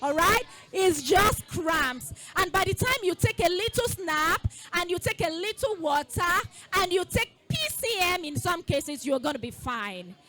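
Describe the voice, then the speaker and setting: A woman giving a lively call-and-response talk to a group of girls, coaxing them to repeat after her. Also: very high-pitched, measured pace, hardly any pauses, faint music behind. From Nigeria. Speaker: school founder speaking to girls. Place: festival event space.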